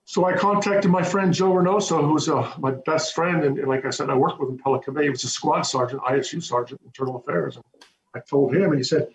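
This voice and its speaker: A man, a former prison corrections officer, telling his story in an interview with animated, hesitant restarts over a video call. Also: on the high side, fast. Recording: roomy, dull lo-fi with faint hum.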